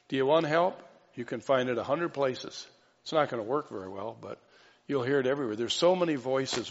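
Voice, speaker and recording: A man preaching a sermon as pastor, earnest and repeating key phrases for emphasis. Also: mid-range voice. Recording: dull reverberant hall recording.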